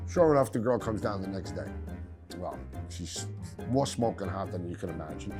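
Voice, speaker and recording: A middle-aged man telling a profane, animated story on his podcast. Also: medium pitch, moderate pace, soft background music. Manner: profane, animated, acts out voices. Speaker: podcast host.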